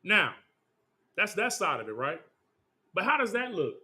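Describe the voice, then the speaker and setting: A man leading a scripture class, teaching with streetwise banter and rapid rhetorical questions. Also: high voice, big pitch swings, pushed and bright.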